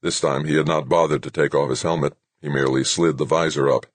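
A man narrating an audiobook in a measured storytelling manner. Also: a bass voice, steady tone, breathy edge, no echo.

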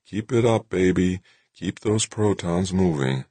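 A man voicing a calm male team leader who coaxes softly. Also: very deep voice, moderate pace, slightly rough, no echo, exaggerated voice. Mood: coaxing. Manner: soft, cooing, half-whispered. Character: calm male project leader, coaxing and steady.

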